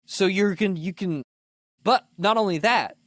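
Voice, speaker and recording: A man co-hosting a podcast, telling an animated story in casual chat, full of "like" fillers. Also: sits high, measured pace, no room sound, clean studio sound. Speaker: podcast co-host.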